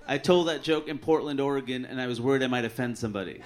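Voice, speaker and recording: A man doing a stand-up set on a club stage with a handheld mic, dry and deadpan, putting on quick voices for his bits. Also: mid-range voice. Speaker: stand-up comedian. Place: comedy club stage with audience laughter. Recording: live club recording with clear audience noise.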